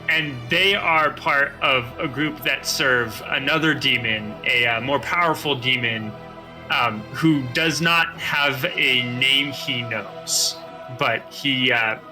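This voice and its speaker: A man's voice: mid-range voice, sharp tone. A man narrating as game master, casually improvising descriptions with many fillers.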